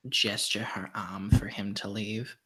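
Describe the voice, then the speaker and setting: Low-voiced playful woman player. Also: flat delivery, a little slow, a bit bright, breathy edge. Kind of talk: casual tabletop role-play.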